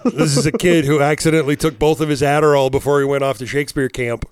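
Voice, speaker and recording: A man's voice: on the high side, little pitch movement, fast, smooth, dry recording, clean studio sound. Rambling, laughing podcast man. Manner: rambling, profane, laughing storyteller. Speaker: podcast co-host. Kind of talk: casual chat.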